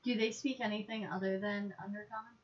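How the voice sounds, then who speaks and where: A woman's voice: mid-range voice, steady tone, fairly quick. A woman playing a tabletop game, chatty and inquisitive in casual talk. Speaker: player. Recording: dull lo-fi audio with faint noise.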